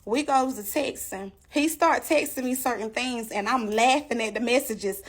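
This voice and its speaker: A woman's voice: on the high side, normal speed, husky. A woman telling her own story to viewers in a casual, emphatic way, talking straight to the audience. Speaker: storyteller giving a testimony.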